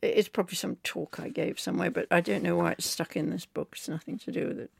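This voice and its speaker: A woman's voice: fairly low pitch, steady tone, fast, gravelly, a little mellow, breathy edge. An older woman from England, a novelist being interviewed, telling rambling anecdotes with fillers. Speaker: novelist guest. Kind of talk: conversational interview.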